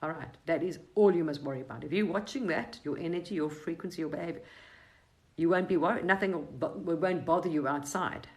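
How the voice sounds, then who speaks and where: A middle-aged woman hosting a casual live stream, rambling gently through spiritual advice with frequent restarts. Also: on the low side, fairly quick, rough recording. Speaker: livestream host.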